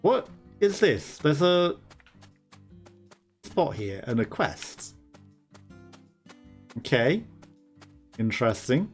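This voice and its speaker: A man giving amused let's play commentary in an unhurried way. His pitch moves lively as he chats and laughs at the game. Game music plays clearly behind him. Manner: amused, chatty, laughs often. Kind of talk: gameplay commentary.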